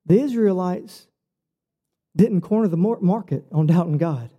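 A man's voice: a little slow, dull audio. A man preaching a sermon, telling his own story earnestly and personally. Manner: earnest, personal storytelling with lively shifts in pitch.

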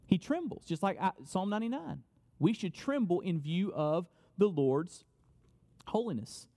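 A man's voice: high voice, lively intonation, unhurried, dark tone, big-room sound. A man preaching a sermon as pastor, emphatic, repeating his key phrases for weight.

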